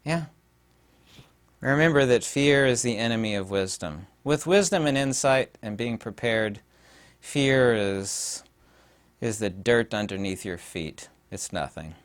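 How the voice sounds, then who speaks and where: A man talking in a casual vlog monologue, rambling and halting with many fillers, turning emphatic and mocking on his points. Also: medium pitch. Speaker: video host.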